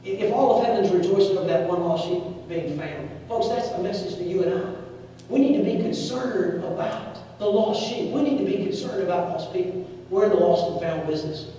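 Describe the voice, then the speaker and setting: Guy preaching, storyteller, high voice, far off in a big echoey church. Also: fairly quick, dark tone, slight background noise. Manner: storytelling, repeats key phrases, asks "Amen?". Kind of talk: sermon. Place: church sanctuary.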